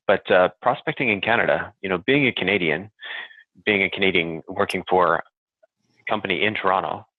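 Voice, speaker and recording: A man's voice: low-pitched, dry recording. A man co-hosting a podcast asks questions casually over a remote line, with easygoing phrasing. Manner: easygoing, with filler-heavy phrasing. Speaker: podcast co-host. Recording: tinny phone-like remote line.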